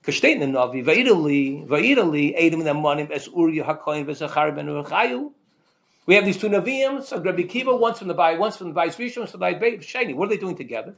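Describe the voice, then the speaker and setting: A man delivers a Torah lecture in a high voice that leaps up and down with emphasis. He keeps asking rhetorical questions and often repeats a word before pressing on. The delivery is lively and insistent throughout. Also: brisk, gravelly. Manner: repeats words when restarting. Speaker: Torah teacher.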